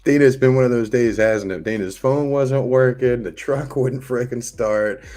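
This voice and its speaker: A man's voice: mid-range voice, moderate pace, a little mellow, soft background music. A man streaming live, chatting casually and rambling as he answers and reads out viewers' messages. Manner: rambling, talks to chat and reads their messages aloud.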